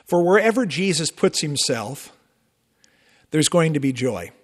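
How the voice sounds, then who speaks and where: A man's voice: fairly high pitch, sing-song, unhurried. A man, a Lutheran pastor, preaching a sermon with emphatic rises and conversational asides. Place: church sanctuary. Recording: long church reverb.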